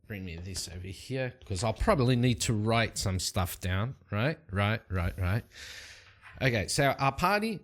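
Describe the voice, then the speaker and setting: A man narrating and playing a solo tabletop game at a desk mic, rambling and relaxed with plenty of fillers. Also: on the low side, measured pace. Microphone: desk microphone.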